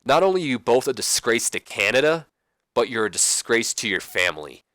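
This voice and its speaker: Brief: arrogant male wrestler, as a man puts him on, slow sneering taunts. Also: medium pitch, very animated, a bit bright, dry recording, clean studio sound.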